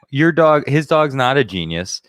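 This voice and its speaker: A man's voice: medium pitch, big pitch swings, slow pace, no echo, clean studio sound. A man co-hosting a casual podcast, bantering with wry skepticism. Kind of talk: casual chat.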